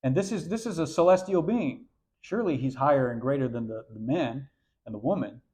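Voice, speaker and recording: A man preaching an animated sermon to young people, often repeating words as he goes. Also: mid-range voice, brisk.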